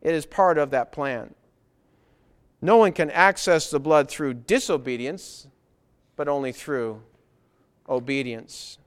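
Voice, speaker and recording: Emphatic male preacher, fairly high voice. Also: clear, resonant tone. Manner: earnest, emphatic, repeats key phrases. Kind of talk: sermon. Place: church with baptistry.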